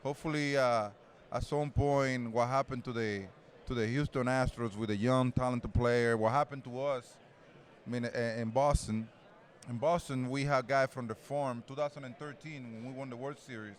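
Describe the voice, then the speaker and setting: In a steady, mid-range voice at moderate speed, this retired ballplayer in his forties answers a casual interview in Spanish-accented English. His talk is loose and rambling, full of restarts and easy laughter.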